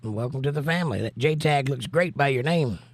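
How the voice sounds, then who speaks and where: A man with a Southern US accent and a hoarse voice, hosting a livestream and reading chat comments aloud in an easygoing, drawling way. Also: mid-range voice, expressive, fairly quick. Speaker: livestream host.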